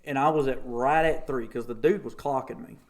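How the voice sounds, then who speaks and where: A young man, a podcast guest telling a story casually and acting out the voices in it. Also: fairly quick. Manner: animated, acts out quotes with big pitch jumps.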